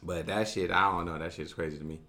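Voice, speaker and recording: Deep bright-toned guy, rambling and cussing while he argues in a casual chat. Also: fairly even intonation, fast, a little hiss or hum. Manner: profane, rambling, argumentative. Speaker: podcast co-host.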